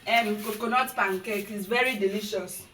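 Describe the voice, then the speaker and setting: A woman's voice: mid-range voice, moderate pace, fairly bright tone. Playful Nigerian woman, distant and echoey. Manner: playful, laughing often. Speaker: vlogger. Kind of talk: casual family chat. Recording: echoey room, far from mic, noisy.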